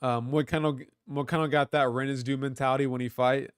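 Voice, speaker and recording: A man's voice: medium pitch, fairly even intonation, a little fast, clean tone, no room sound, studio quality. Profane slangy man on a livestream. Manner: talks back to chat. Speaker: livestream host. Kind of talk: casual livestream chat reading comments.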